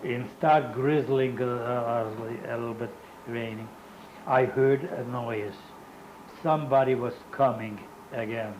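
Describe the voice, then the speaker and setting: Slow, halting older man. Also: medium pitch, a little mellow, lo-fi sound, slight background noise. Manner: halting, searching for words, frequent restarts; non-native English phrasing. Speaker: Holocaust survivor giving testimony. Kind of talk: recorded oral history interview.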